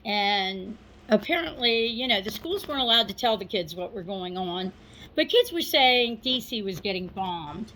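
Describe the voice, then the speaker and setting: A middle-aged woman recounting a personal memory to an audience in an unhurried, conversational way, with asides and small laughs. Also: mid-range voice, animated, bright, forceful tone, slight background noise, poor audio. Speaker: storyteller. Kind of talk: personal recollection, told to an audience.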